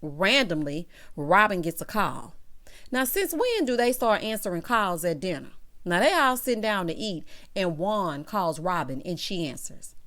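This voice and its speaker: A woman's voice: lowish voice, sing-song, normal speed, fairly bright tone. A woman vlogger giving a sassy, opinionated recap of a reality show, sprinkling in "child" and "honey" and laughing at her own jokes. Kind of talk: casual opinionated commentary.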